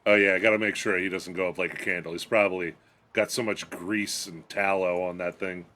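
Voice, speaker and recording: A man's voice: sits low, steady tone, brisk, pushed and bright, a little hiss or hum. A man playing a tabletop game who makes dry jokes about his character's actions. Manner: dry joking. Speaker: player.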